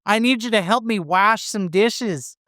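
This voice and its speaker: A shrill, nasal mother yelling up the stairs in a honking, duck-like voice, as a man puts her on. The pitch jumps far above a man's usual range. The sound is close and dry, with no room around it. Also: a little slow, no echo. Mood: calling out.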